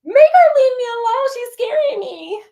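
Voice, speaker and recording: A woman's voice: very high voice, huge pitch swings, unhurried, highs cut off, pitched above the performer's own voice, heavily acted. A woman voicing a frightened little girl who whines and pleads. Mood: tearful. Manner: whiny, pleading. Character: frightened little girl clinging to her father.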